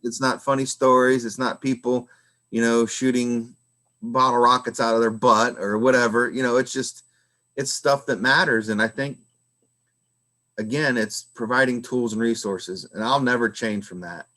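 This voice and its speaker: A man's voice: mid-range voice, fairly even intonation, normal speed, sharp tone. A man hosting a podcast, talking in a rambling, casual way full of filler phrases. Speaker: podcast host. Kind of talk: casual conversation.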